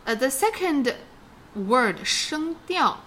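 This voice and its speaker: Brief: female language teacher, unhurried and patient, light room hum. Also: high-pitched, very animated, a bit bright. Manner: patient, explains slowly, laughs easily. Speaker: Chinese teacher. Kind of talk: bilingual language lesson.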